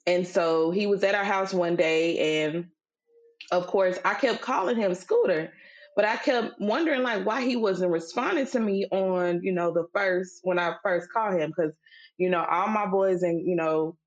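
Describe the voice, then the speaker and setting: A middle-aged woman co-hosting a podcast chats casually in a lower-pitched voice, telling a faith-based story full of fillers and acting out quoted voices. When she makes her point, she turns emphatic and sermon-like. Her pace is moderate, and the recording sounds muffled.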